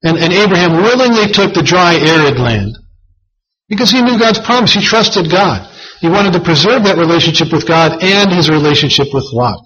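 A man's voice: high-pitched, big pitch swings, normal speed, a bit bright. Earnest preaching man, lo-fi sound. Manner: earnest preaching with scripture reading. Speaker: pastor. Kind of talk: sermon. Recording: dull lo-fi sound.

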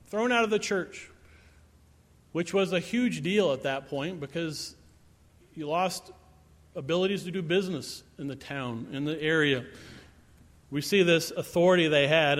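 A man's voice: a little high, a bit bright. A man giving a sermon, reading scripture verses and commenting on them in a conversational way. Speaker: pastor. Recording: reverberant hall.

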